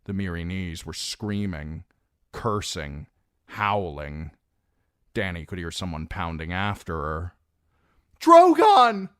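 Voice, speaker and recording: A man reading a fantasy novel aloud as an audiobook narrator, in measured, dramatic storytelling. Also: deep voice, fairly even intonation, fairly bright tone, smooth, no echo, studio quality. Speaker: audiobook reader.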